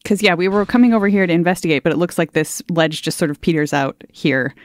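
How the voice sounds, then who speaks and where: A woman's voice: fairly low pitch, quick pace, no room sound. A woman playing a tabletop game, thinking aloud in a hesitant way about what her character could do. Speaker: player. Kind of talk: casual game play chat.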